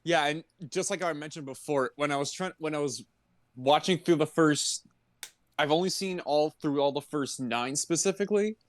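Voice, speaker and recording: A man's voice: fairly high pitch, normal speed, no echo. Laid-back podcast co-host man. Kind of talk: casual movie review chat.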